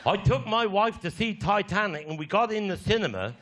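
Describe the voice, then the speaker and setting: A man's voice: sits high, expressive, brisk, a bit bright, a little hiss or hum. A man with a Cornish accent doing live stand-up, spinning rambling, earthy stories full of cheeky swearing. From Cornwall. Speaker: stand-up comedian.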